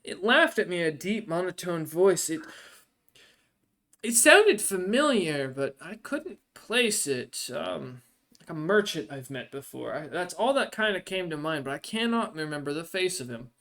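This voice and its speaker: A man's voice: on the high side, big pitch swings, normal speed, pushed and bright, full character voice. A man voicing Lady Flare, a tiny, adorable, brash and party-loving noblewoman. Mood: uneasy.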